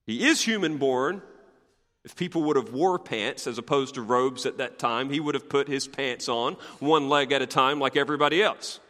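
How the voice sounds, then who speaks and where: A man's voice: medium pitch, moderate pace, a bit bright. A man preaching a sermon, voicing scripture quotes with dramatic emphasis. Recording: long hall reverb.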